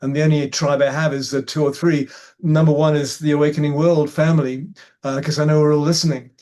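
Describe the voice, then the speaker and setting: Male panelist, slightly high pitch, halting and musing. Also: level tone, dark tone. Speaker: guest panelist. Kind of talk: reflective spiritual conversation.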